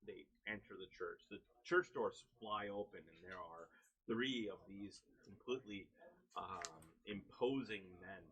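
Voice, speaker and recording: A man narrates a tabletop game scene as game master, pausing often with fillers. His voice is low but bright and forward. He describes the action in a loose, halting flow. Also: highs cut off.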